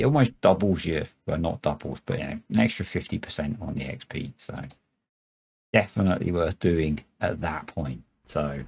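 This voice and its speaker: A man's voice: low voice, vocal fry, breathy edge. A man hosting a gaming video, giving laid-back, rambling let's-play commentary with jokey self-praise.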